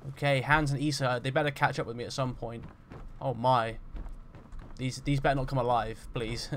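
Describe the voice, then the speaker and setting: A man hosting a game roleplay, talking through it in a chatty, jokey way and getting loud and jumpy when startled. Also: medium pitch, fairly even intonation, moderate pace, slight background noise. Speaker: gaming roleplay host. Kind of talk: roleplay let's-play commentary.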